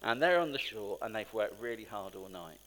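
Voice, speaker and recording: Man, sermon, chatty storytelling, lively rising and falling pitch, long hall reverb. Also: a little fast. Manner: conversational, animated storytelling with asides. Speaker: preacher.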